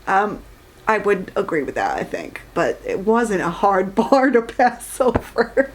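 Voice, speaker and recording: A woman's voice: medium pitch, very animated, a little slow, poor audio. A woman giving a casual rant review of a book, full of sarcastic, incredulous asides and mocking exasperation.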